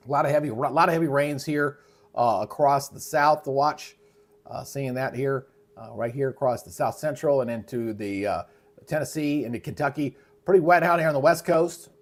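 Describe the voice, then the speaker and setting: This meteorologist host talks through his live weather update in a relaxed, chatty manner. He's male with a slightly high voice, and he keeps clearing his throat because of a persistent frog in it.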